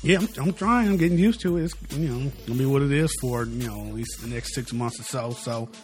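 Laid-back sports podcast host with a lisp. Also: male voice, mid-range voice, a little fast, faint music behind. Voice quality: slight lisp. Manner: laid-back, loose slang. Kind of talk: casual sports talk.

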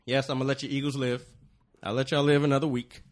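A man's voice: mid-range voice, level tone, fast. A man co-hosting a sports podcast, talking casually with stammered restarts. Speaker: podcast co-host.

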